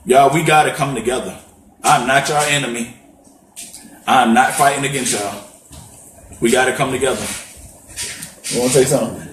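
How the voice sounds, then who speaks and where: A man's voice: medium pitch, moderate pace, pauses often, a bit bright, a little hiss or hum. A man co-hosting a podcast, speaking with passion and hammering his points home in a preacher-like run of rhetorical questions. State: fighting back tears. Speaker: podcast co-host. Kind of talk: impassioned podcast monologue. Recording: roomy echo.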